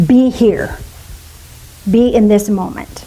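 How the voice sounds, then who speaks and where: A woman's voice: mid-range voice, warm tone, slightly rough, poor audio. A middle-aged woman minister giving a spiritual talk to a congregation, playful and musing aloud with asides.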